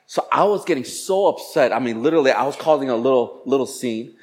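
A man casually telling a personal story in an animated way, acting out what people said with sudden jumps in pitch and volume. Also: fast talker. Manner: animated, acts out dialogue with jumps in pitch and loudness.

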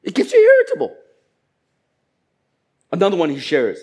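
Male pastor, sermon, a bit high-pitched, animated, plays out little voices. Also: moderate pace, pauses often, slightly rough. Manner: animated, acts out quoted voices for laughs.

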